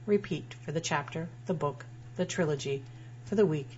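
A woman's voice: deep voice, normal speed, darkish tone. Wry woman reading her essay, lo-fi. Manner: wry, dryly humorous. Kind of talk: reading a personal essay aloud. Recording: dull lo-fi sound with faint hum.

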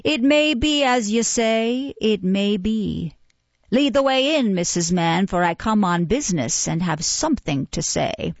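A woman's voice: mid-range voice, very animated, unhurried, no room sound, dull audio. A woman doing a pompous old-fashioned beadle. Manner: pompous, oratorical, lordly. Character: pompous self-important middle-aged male parish beadle. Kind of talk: audiobook character reading.

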